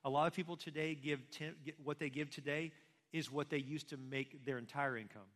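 A man's voice: fairly high pitch, steady tone, a little fast, a bit bright. A man preaching a sermon as pastor, conversational and full of rhetorical questions. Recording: long reverb of a large hall.

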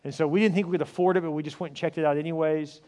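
A middle-aged male pastor telling a story in a sermon, acting out the dialogue and swinging from loud to hushed. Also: fairly high pitch, fairly even intonation, racing. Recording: long hall reverb.

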